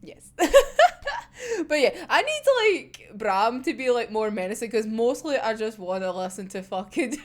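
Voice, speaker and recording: A woman casually discussing an anime episode, animated and sweary, often breaking into laughter. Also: a little high, slow pace.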